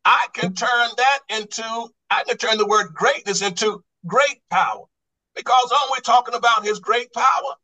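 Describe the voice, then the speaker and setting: A man's voice: very high voice, moderate pace, sharp tone, poor audio. A man teaching a Bible study class on grammar, quizzing the group with repeated questions and restarting his phrases to stress a point.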